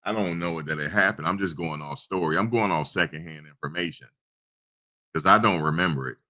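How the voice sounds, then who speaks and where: Very deep-voiced man rambling casually. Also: brisk, pushed and bright. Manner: rambling storytelling with many restarts. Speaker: channel host. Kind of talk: casual live-stream chat. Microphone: desktop USB microphone.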